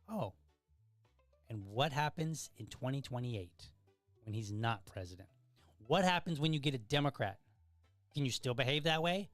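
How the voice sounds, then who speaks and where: A man's voice: mid-range voice, expressive, normal speed, long pauses, no echo, soft background music. A man hosting an opinion show, lecturing emphatically and firing off exasperated rhetorical questions while reading out viewer comments. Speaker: podcast host.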